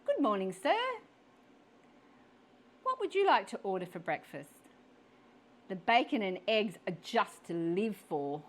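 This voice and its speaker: A woman's voice: mid-range voice, sing-song, unhurried, pauses often. A woman voicing an eager, chatty young waitress who over-explains cheerfully in a storybook reading.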